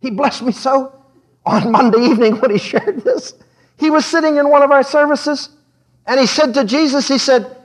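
A man's voice: very high voice, normal speed. A man preaching a sermon in a church service, talking frank and conversational, breaking into laughter as he speaks.

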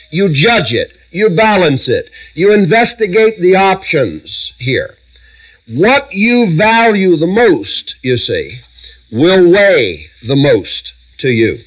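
A middle-aged man preaching a sermon, walking a congregation through Bible verses with emphatic lists and measured pauses. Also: high-pitched, fairly bright tone, poor audio.

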